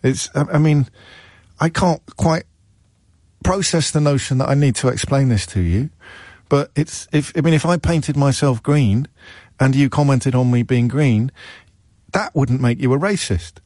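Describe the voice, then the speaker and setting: A man's voice: mid-range voice, lively intonation, measured pace, a little mellow, no room sound, clean studio sound. A man hosting a talk radio phone-in, talking in a wry, conversational, mock-exasperated way.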